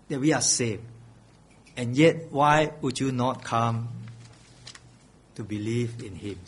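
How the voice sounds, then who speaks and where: Male pastor, middle-aged, husky voice, earnest pleading sermon. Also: mid-range voice, steady tone, slow pace, pauses often. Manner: earnest, pleading preaching with repeated phrases.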